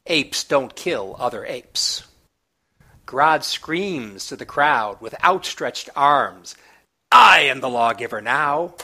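Guy with a bright punchy voice talking through a comic plot, easygoing with little side comments. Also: mid-range voice. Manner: relaxed, chatty, with small asides and fillers. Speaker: comic book reviewer. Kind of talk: casual plot recap.

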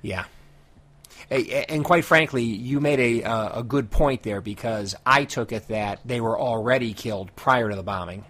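A man co-hosting a podcast, reading a steady story recap and then chatting with a few fillers. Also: mid-range voice, moderate pace. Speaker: podcast co-host summarizing comics. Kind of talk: recap narration and casual chat.

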